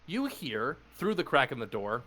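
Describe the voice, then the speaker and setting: A man narrating a tabletop game as game master, halting speech with many fillers and restarts. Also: medium pitch, very animated, sharp tone, slight background noise.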